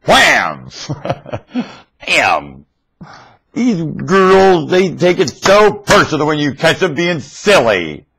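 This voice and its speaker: A man recorded on a webcam mic at home, rambling in a monologue that swings between loud outbursts and mumbling. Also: on the high side, huge pitch swings, very slow, vocal fry, pauses often, background noise.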